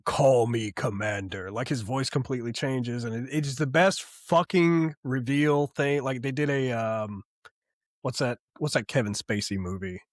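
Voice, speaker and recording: A man chatting casually as a podcast co-host. He talks in an excitable rush, swears freely and rambles through fillers. His voice sits in an ordinary pitch and sounds dry and close, with little room sound. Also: normal speed, no room sound. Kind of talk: casual chat.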